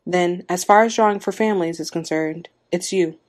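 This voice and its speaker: Businesslike middle-aged village official for a story reading, formal and lowish, voiced by a woman. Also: moderate pace, a little mellow, lightly acted.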